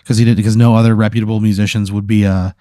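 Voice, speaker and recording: A man's voice: fairly low pitch, little pitch movement, very fast, warm tone, no echo, clean studio sound. A man casually improvising a story as game master, talking in a rambling way full of fillers. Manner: rambling, filler-heavy narration.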